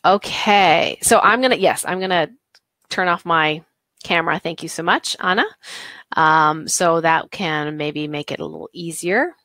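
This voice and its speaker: A woman teaching a live online workshop in a gentle, conversational way, thinking aloud with many fillers, on a computer mic from a home office. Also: deep voice, a little slow, no echo, studio quality. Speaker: holistic health teacher.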